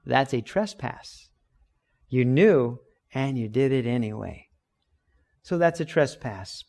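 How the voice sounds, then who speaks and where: A man's voice: medium pitch, animated, takes it slowly, creaky, a little mellow. A man preaching in a conversational way, explaining scripture with everyday examples and acted-out quotes. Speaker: pastor. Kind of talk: sermon.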